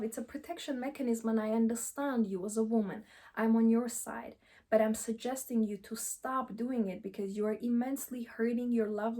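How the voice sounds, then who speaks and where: Seated and speaking straight to camera, a relationship coach delivers an advice monologue in a mellow, slightly high voice. She talks emphatically, repeating the same phrases again and again, and throws out rhetorical questions as she advises.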